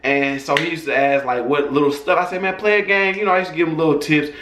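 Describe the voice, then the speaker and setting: A man's voice: a little high, steady tone, fast talker, a bit bright, reverberant, slight background noise. A man casually telling a personal story in a loose, profane, conversational way.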